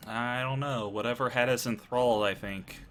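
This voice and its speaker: A man's voice: medium pitch, steady tone, moderate pace, fairly bright tone, slight background noise, close to an everyday voice. A man voicing a chatty, nervous male skeleton just freed from a crypt, who talks awkwardly and stammers in a tabletop game.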